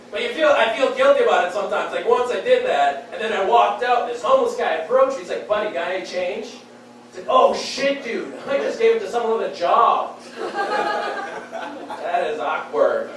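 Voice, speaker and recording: A young man from Saskatchewan doing a wry, casual stand-up set on a club stage, acting out quick quotes. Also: high voice, noisy background. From Saskatchewan, Canada. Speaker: stand-up comedian. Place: comedy club stage in a beer hall. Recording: very echoey club room, mic distant. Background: audience laughing.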